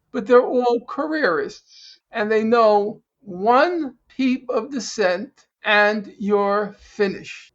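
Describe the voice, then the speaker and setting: Man from the united states, slow deliberate delivery, scornful, emphatic, muffled lo-fi audio. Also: high voice, fairly bright tone. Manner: emphatic, scornful, repeats points for effect. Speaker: guest. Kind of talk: political podcast discussion.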